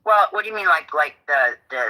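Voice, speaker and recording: A man on a call, chatting quickly and casually and often trailing off. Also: fairly high pitch, lively intonation, bright, forceful tone, poor audio. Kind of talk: casual chat.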